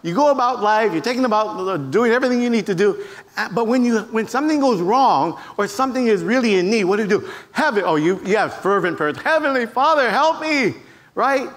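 High-voiced animated preacher man. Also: quick pace. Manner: animated storyteller, acts out voices in quotes. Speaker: pastor. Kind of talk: sermon with storytelling. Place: church service with congregation.

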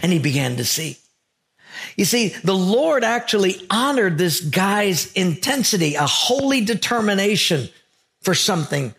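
A pastor preaching in a gravelly, slightly high voice. He is earnest and emphatic, leaning on stories and repetition to press his message. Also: big pitch swings, unhurried, fairly bright tone. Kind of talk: sermon.

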